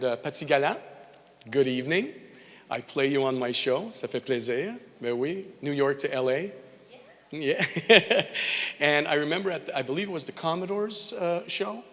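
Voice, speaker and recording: A man's voice: on the high side, a bit bright. A man from Montreal, a radio morning show host, giving an informal tribute speech full of rambling, jokey stories in which he acts out quoted voices. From Montreal, Canada. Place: large hall at an event. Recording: reverberant hall.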